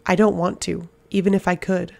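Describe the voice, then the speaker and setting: A woman's voice: fairly low pitch, little pitch movement, moderate pace, creaky, darkish tone. Woman reader as a tormented possessed man, audiobook, desperate and strained. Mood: haunted. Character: tormented possessed man, demon within, male.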